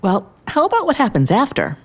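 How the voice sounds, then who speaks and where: A woman playing a gentle grandmother who tells a bedtime-style story to a child in an audio drama. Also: a little high, wildly swooping pitch, brisk, exaggerated voice. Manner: gentle, warm-toned storytelling.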